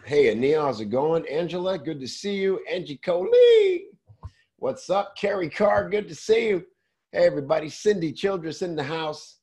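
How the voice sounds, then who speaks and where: A man's voice: on the high side, expressive, moderate pace, a little mellow, husky. A man hosting a casual livestream, greeting viewers by name in an upbeat way, saying he is losing his voice. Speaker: host. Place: indoors with natural light.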